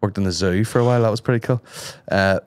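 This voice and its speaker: A man's voice: on the low side, quick pace, clear, resonant tone, dry recording. A man with a Northern Irish accent telling jokey stories and swearing freely in casual podcast chat.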